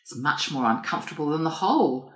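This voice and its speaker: Woman reading as a blunt awkward young girl, says odd things flat out, lively ups and downs, echoey room. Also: low-pitched, fairly quick. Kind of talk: audiobook reading. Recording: roomy echo.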